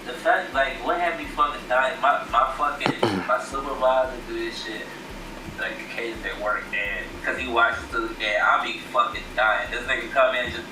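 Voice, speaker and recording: A man's voice: mid-range voice, fairly even intonation, moderate pace. A man co-hosting a casual movie review chat, telling stories in a loose, profane way. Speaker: podcast co-host. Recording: echoey room with background noise.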